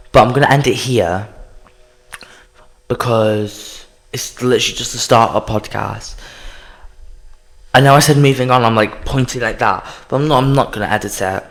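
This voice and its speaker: A man's voice: fairly low pitch, a bit bright. A man hosting a casual solo podcast, rambling and sighing as he talks straight to the listener. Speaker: podcast host.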